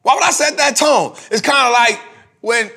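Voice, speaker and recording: A man hosting a show, giving a repetitive, preachy motivational talk on investing, speaking with a husky voice. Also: extremely high pitch, moderate pace. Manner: animated, preachy, repetitive, addresses co-host by name. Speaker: podcast host.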